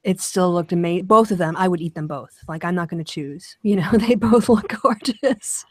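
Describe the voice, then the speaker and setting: A woman's voice: fairly low pitch, moderate pace, no echo, studio quality. Laughing chatty woman hosting a chat. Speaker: host. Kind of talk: casual group chat.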